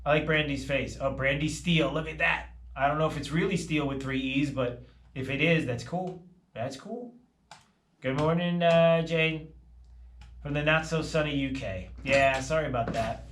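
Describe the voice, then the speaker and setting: A man hosting a morning radio live stream, animated and fast-talking as he greets viewers in a casual chat. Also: on the high side, reverberant. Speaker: radio show host.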